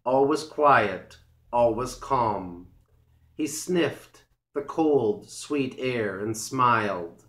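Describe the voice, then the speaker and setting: Slow, deliberate man reading a story. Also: medium pitch, fairly bright tone. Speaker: storyteller for English learners. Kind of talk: scripted storybook narration. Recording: roomy echo.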